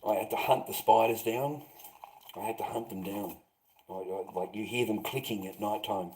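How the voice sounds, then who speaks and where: A man's voice: on the low side, normal speed, darkish tone, poor audio. Profane, bitter Australian man rambling. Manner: profane, bitter, repetitive, calls listeners mate. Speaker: vlogger. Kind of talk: rambling monologue to viewers.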